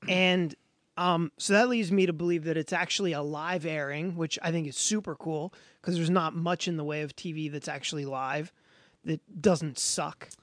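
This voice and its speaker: Brief: high-pitched man, loose podcast chatter, close dry mic. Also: steady tone, normal speed, a bit bright, no echo. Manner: rambling, lots of fillers. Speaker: podcast co-host. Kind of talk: casual chat.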